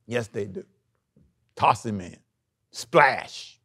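A male pastor preaching a sermon, animated, acting out the scripture story with big swings in loudness. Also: lowish voice, drawn-out words, dry recording, clean studio sound.

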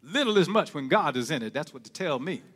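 High, animated preacher man. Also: fairly quick. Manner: swings from hushed murmurs to shouted, rising cries. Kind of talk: sermon.

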